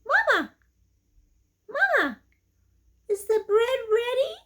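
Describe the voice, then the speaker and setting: Woman doing squeaky eager baby chicks. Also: very animated, takes it slowly, a bit bright, heavily acted.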